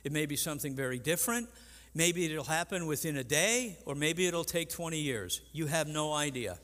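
An older man preaching a sermon as pastor, earnest and halting, with frequent restarts. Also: on the high side, a bit bright. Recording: long reverb in a large hall.

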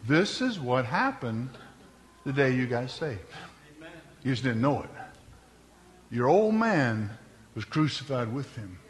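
A man's voice: medium pitch, big pitch swings, slow, pauses often. Preacher man in echoey hall. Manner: swings from hushed storytelling to shouted exclamations; folksy, humorous asides. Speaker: pastor. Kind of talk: sermon. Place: church sanctuary.

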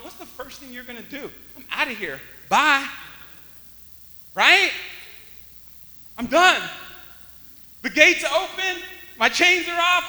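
A pastor preaching a sermon, swinging from loud exclamations to hushed near-whispers. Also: male voice, very high voice, in a large hall, rough recording.

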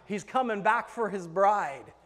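A man preaching a sermon as pastor, emphatic, swinging between hushed and loud passages. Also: high-pitched, animated, a little slow, long reverb tail.

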